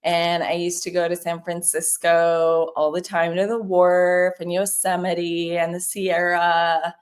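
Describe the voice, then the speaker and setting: A woman from California with a Californian accent, a real estate broker chatting casually and upbeat while making cold calls. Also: on the low side. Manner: upbeat, chatty, quick bursts of excitement. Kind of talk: casual livestream chat while cold calling.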